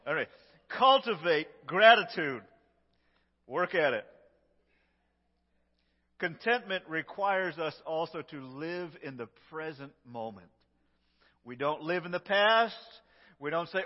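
High-voiced pastor preaching in a hall. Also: male voice, lively intonation, a little slow, long pauses. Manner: emphatic preaching with swings between loud and hushed. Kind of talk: sermon. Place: church sanctuary. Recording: lo-fi echoey church recording.

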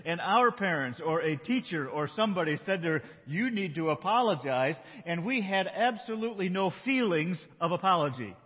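Husky-voiced man preaching in an echoey hall. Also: high voice, expressive, lo-fi sound. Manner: conversational, slows for emphasis. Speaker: pastor. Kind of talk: sermon with a storytelling opening.

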